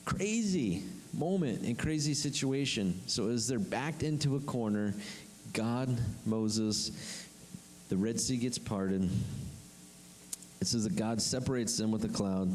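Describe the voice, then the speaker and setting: A man preaching a sermon, emphatic and repetitive, with dramatic pauses and sudden drops to a whisper. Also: on the low side, a little mellow, big-room sound. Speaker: pastor.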